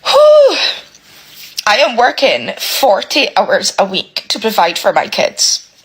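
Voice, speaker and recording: Close to tears, a single parent pours out her struggles to the camera in an emotional rant packed with swearing and repetition, her exasperation obvious. Her voice is medium in pitch, a bit bright with a breathy edge, lively in intonation and unhurried, and the recording quality is low.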